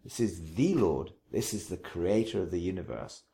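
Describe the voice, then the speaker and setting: A preacher talking earnestly in an interview about his faith, unhurried, often restarting and repeating phrases, and slowing to recite scripture with emphasis. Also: low-pitched, animated, vocal fry, warm tone. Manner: slow, emphatic recitation when quoting scripture. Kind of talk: reflective interview testimony.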